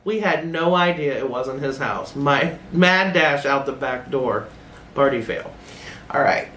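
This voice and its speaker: A woman's voice: very deep voice, measured pace, a bit bright, a little hiss or hum. A middle-aged woman hosting a casual reaction video, blunt and laughing, swearing freely as she comments. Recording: roomy echoey room.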